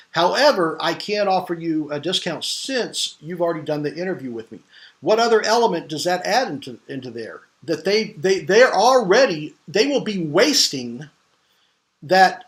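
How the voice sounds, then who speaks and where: A man's voice: sits high, a bit bright. A middle-aged man running a live online marketing class, firing questions at his audience with emphatic, restless phrasing. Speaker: marketing trainer.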